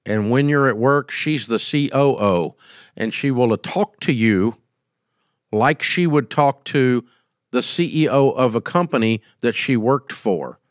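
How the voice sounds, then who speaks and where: A man's voice: mid-range voice, a little slow, no echo. Guy, middle aged, folksy and emphatic, dry close studio sound. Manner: folksy, emphatic, acts out quoted scenes. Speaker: host giving business advice. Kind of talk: casual advice talk.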